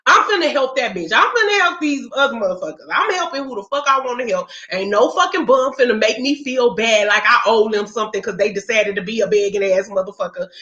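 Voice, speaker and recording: A woman, high-pitched and bright, talks casually to her viewers. She rants bluntly and profanely, with lively animation. The sound is roomy and dull, like a lo-fi home recording. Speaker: spiritual practitioner vlogger. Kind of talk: casual livestream chat.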